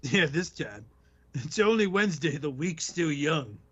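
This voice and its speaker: A man's voice: a little high, sing-song, measured pace, a bit bright, husky. A man hosting a podcast, ranting sarcastically and swearing constantly in casual banter. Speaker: podcast host. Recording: slightly muffled lo-fi audio.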